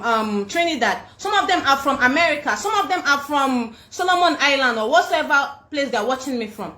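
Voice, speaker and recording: In an echoey room, a Nigerian woman hosting a livestream rants into her phone, scolding defiantly and repeating herself. Her voice is high-pitched and a little bright.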